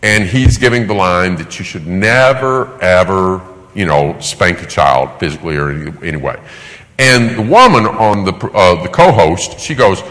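In a large hall, a man with a deep voice gives a sermon-style teaching talk on child discipline at a moderate pace. He tells stories with animated flair, acting out the voices of parents and children as he quotes them.

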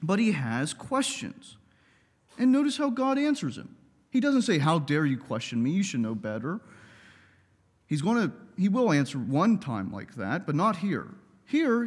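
A man teaching a Bible lesson in a conversational, expressive way, with asides and light humor. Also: sits high, long reverb tail.

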